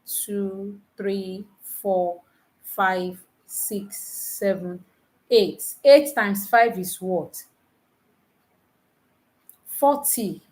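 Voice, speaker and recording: A woman tutoring nurses in a live online lesson, teasing her students and quizzing them with repeated questions, counting aloud slowly. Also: medium pitch. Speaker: nursing exam tutor.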